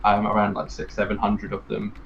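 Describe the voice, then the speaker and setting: A man's voice: lowish voice, completely flat delivery, brisk, vocal fry, fairly bright tone, highs cut off, slight background noise. A man, a guest on a podcast, chatting casually with laughing, stammering restarts.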